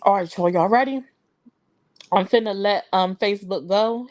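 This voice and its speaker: A woman's voice: medium pitch, normal speed, darkish tone, no room sound. A young adult woman hosting a live stream in a casual, chatty way, talking straight to her viewers.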